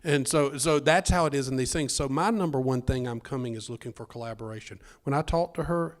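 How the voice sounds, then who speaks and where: A man speaking on a business panel, an excitable storyteller who jokes as he talks about ideas and communication with his wife. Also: on the high side, brisk, hardly any pauses. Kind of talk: casual panel talk.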